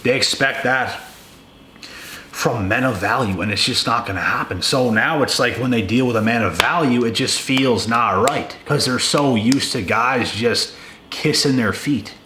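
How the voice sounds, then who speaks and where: A man's voice: medium pitch, unhurried, sharp tone, a little hiss or hum. Profane young man ranting in an echoey room. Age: young adult. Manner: profane, emphatic, repeats himself. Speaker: video creator. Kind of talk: blunt casual rant to camera. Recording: echoey room with faint ambience.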